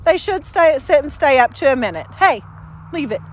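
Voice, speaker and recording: High-voiced chatty woman dog trainer. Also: sing-song, moderate pace. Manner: chatty, with many fillers, short upbeat praise to the dog. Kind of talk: casual training demonstration.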